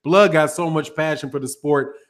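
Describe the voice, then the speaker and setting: A man's slightly high voice moves at a moderate pace. He hails from Chicago's North Side, has the accent to match, and hosts a boxing channel stream where he chats in slang and greets viewers by name.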